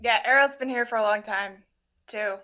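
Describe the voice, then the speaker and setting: Woman, tabletop player, bright voice, fairly high, chatty. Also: moderate pace. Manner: chatty, hedging. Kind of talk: casual tabletop game chat.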